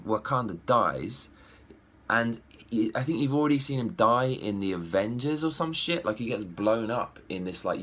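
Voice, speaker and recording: A young man giving a profane, animated ranting film review. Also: lowish voice. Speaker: movie reviewer.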